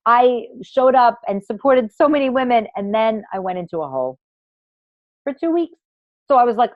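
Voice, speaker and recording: A woman's voice: on the high side, animated, moderate pace, no echo, dull audio. A woman hosting a live online masterclass for women, talking in a theatrical, emphatic, gushing way and swearing freely. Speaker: online workshop host and women's coach.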